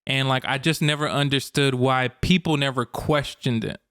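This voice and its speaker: A man hosting a podcast from a home room, his voice smooth and clear at a middle pitch. He talks in a loose, rambling way, often restarting sentences and laughing between thoughts. The sound is close and dry, with no room echo. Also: steady tone, moderate pace, a bit bright. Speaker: podcast host. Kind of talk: casual chat.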